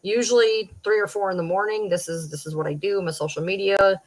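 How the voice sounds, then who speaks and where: A woman's voice: mid-range voice, steady tone, fast talker, darkish tone, rough recording. A woman of about forty with a Michigan accent, chatting bluntly and with plenty of swearing to viewers on a late-night livestream. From Michigan, Detroit downriver area. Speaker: social media personality.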